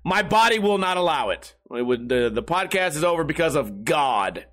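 A man hosting his own podcast, hoarse and with a failing voice, grumbling and cursing his way through a casual rant. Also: fairly high pitch, sing-song, moderate pace, fairly bright tone. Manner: profane, grumbling, self-deprecating. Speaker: podcast host.

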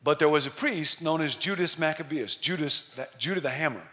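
Emphatic preaching man, slightly high voice. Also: bright, forceful tone. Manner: storytelling, emphatic, slows down for stress. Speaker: pastor. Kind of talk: sermon.

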